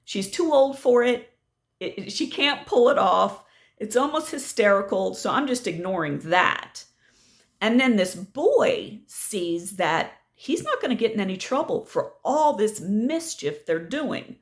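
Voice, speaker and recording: A middle-aged woman hosting a vlog, telling a story in an indignant, animated way. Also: mid-range voice, a little slow. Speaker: channel host.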